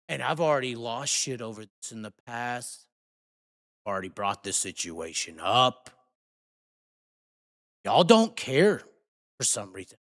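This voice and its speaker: A man hosting a live show, ranting angrily and cursing, swinging between shouts and mutters. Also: a little high, long reverb tail. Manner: heated, profane, shifts from shouting to muttering. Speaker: host. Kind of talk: angry live rant.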